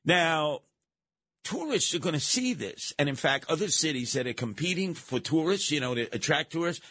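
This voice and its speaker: A brash talk radio host, a man whose voice sits a little high. He rants in a sarcastic, combative way. The sound is close and dry, with no room around it. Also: animated, moderate pace, a bit bright, dry recording. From New York City.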